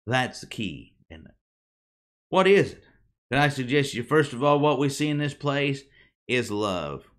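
Preaching to a congregation, a man with a mid-range, sing-song, slightly bright voice speaks emphatically. He uses dramatic pauses and rhetorical questions, and his phrases tend to fall away at the end.

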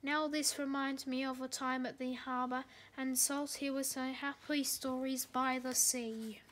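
Woman, storybook read-aloud, high voice, slow, halting with restarts. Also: level tone, fairly bright tone. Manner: halting reading with slips and restarts.

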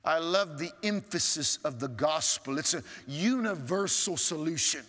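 A male pastor preaching a sermon, swinging from strong rising appeals to hushed, low asides. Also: lively intonation, moderate pace. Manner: preaching with sweeping rises and hushed drops. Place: large church sanctuary. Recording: church hall reverb.

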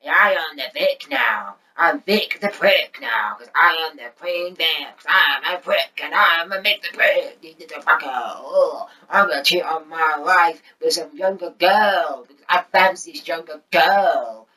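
A man putting on a mocking impression of a cocky, boastful male pub landlord, drawling slowly with swagger. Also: a little high, bright, forceful tone, distant mic, low-quality recording.

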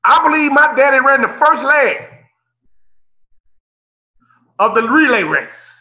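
Fifty-something guy preaching a keynote, really high pitched and sharp, keeps repeating lines. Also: animated, normal speed, rough recording. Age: 50s. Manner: preacher-like, repeats phrases, calls out listeners by name. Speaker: motivational keynote speaker. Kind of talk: impassioned motivational keynote. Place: remote keynote on a call.

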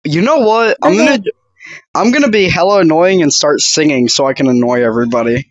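A podcast co-host in chaotic casual chat with friends, goofy and loud, repeating words to annoy everyone. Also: medium pitch, fairly quick, dull audio.

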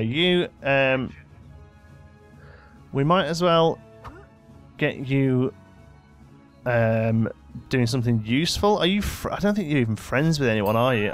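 A young man giving casual gameplay commentary, bossing his in-game characters around with mock exasperation. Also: mid-range voice. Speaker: let's play host.

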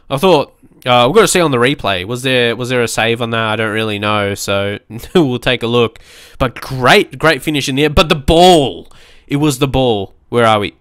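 Excitable male gamer, smooth voice, dry close-mic sound, lively let's play commentary. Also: mid-range voice, no room sound. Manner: excitable, shouting at the screen and swearing. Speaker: gaming YouTuber.

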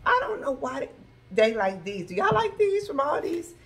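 A woman vlogger, chatting excitedly to her viewers from her home kitchen. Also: high voice, moderate pace, a little hiss or hum. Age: adult with school-age children. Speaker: vlogger sharing a grocery haul. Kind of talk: casual chat to camera.

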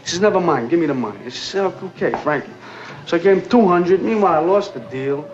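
A reckless young hustler, played by an actor, tumbles through excuses in a rapid, slightly high voice, full of fillers and restarts. The sound is a dull, muffled 1970s film soundtrack with faint music underneath. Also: male voice, animated, close to an everyday voice. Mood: rambling excuses. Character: reckless young male street hustler, rambling, evasive. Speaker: film character.

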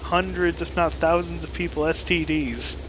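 A man's voice: fairly high pitch, fairly even intonation, moderate pace, background noise, voice pushed up, natural voice. A man voicing exasperated museum officials who scold in crude language during a jokey game commentary.

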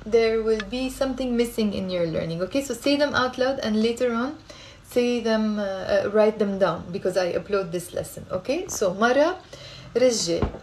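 A woman's voice: on the high side, moderate pace, a little hiss or hum. Woman, language teacher, live phone stream, coaxing drill-style delivery. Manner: lively, coaxing, repeats words for drilling. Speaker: Lebanese Arabic teacher.

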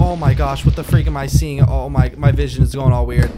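A man giving commentary while playing a horror game, panicking with yelps and strings of rapid protests. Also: mid-range voice, fairly even intonation. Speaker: let's play gamer. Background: game music.

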